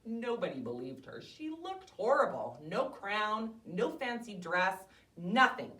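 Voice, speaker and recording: A woman hosting a library storytime, reading a fairy tale aloud to children with animated expression. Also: mid-range voice, takes it slowly. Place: library room. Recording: roomy, mic at a distance.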